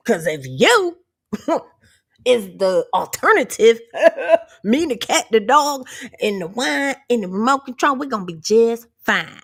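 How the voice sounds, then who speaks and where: Middle-aged woman vlogger, sassy and profane, laughing often, with a higher voice and a gravelly edge. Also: expressive, slow pace. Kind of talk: candid empowerment vlog.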